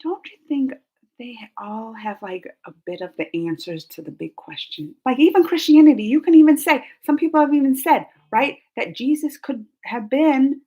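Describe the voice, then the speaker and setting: A woman with a somewhat high voice chats casually with her live-stream audience. She rambles from thought to thought and leans on "like" as she goes. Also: expressive, normal speed, warm tone, slightly rough. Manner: chatty and rambling, says "like" a lot. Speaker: live-stream host reading chat. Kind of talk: casual live-chat talk.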